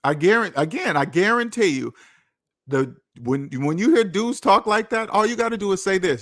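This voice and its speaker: A man's voice: high voice, animated, normal speed, a bit bright, no room sound, clean studio sound. A man hosting his own channel, giving a repetitive, emphatic casual monologue. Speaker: channel host.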